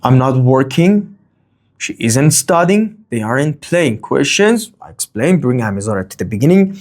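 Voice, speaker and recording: Lively, rambling male English teacher. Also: mid-range voice, unhurried. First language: not English. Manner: lively, rambling, fond of "okay?" and "let's say". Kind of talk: grammar lesson.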